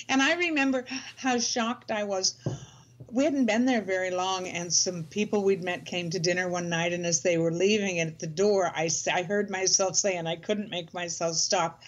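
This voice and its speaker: A woman's voice: fairly low pitch, moderate pace, highs cut off. An older woman, a guest in a casual conversation, speaking in a reflective, wry way.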